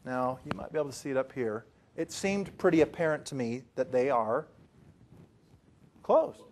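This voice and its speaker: A man leading a presentation-skills training session, telling a story to a group with animated swings from hushed to loud. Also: medium pitch, moderate pace, a little hiss or hum.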